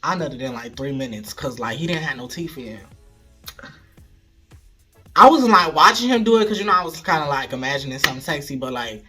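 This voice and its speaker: A man telling a frank, animated story straight to his viewers, casual vlog style, recorded at home. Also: a little high, fairly quick, faint music behind. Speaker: storyteller vlogger.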